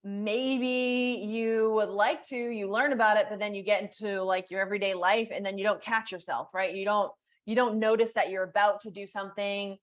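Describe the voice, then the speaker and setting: Woman, live coaching stream host, casual chatty delivery, frequent "like" fillers, reads viewer comments aloud, mid-pitched voice. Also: steady tone, moderate pace, hardly any pauses. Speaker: law of attraction coach and host.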